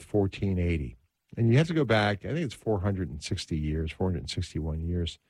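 Deep-voiced earnest male host. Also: a little mellow, no room sound. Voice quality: earnest, devout storytelling manner. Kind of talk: religious talk show storytelling.

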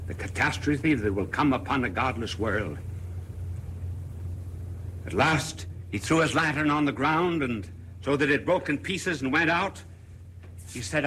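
A man preaching a sermon dramatically, rising to loud declaiming and dropping to whispers. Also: mid-range voice, expressive, a little slow, a little hiss or hum.

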